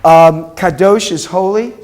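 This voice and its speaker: High-voiced rabbi teaching slowly. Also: male voice, a little mellow. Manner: patient, drills vocabulary and explains pronunciation step by step. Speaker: rabbi teaching a Hebrew class. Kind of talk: classroom teaching.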